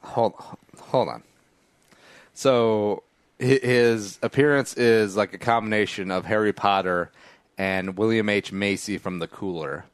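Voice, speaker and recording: A man's voice: fairly low pitch, steady tone, measured pace, clear, resonant tone, no echo, clean studio sound. A man hosting a podcast, chatting casually and joking in a rambling way. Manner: rambling, jokey, many restarts. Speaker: podcast host. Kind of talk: casual chat.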